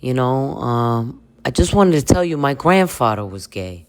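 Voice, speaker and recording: A woman voicing a sincere young man who haltingly opens up about his late grandfather, with many fillers. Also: rumbling low, very animated, heavily acted. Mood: earnest. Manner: halting, earnest, full of fillers.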